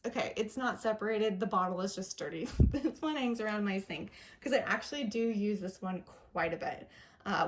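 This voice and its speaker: A young woman chatting casually through a makeup review, upbeat and chatty, with little self-deprecating laughs. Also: fairly high pitch. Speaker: beauty vlogger.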